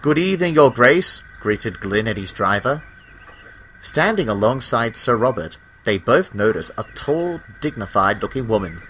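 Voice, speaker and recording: A man narrating a children's train story in a measured, expressive storybook style. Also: lowish voice, slight background noise.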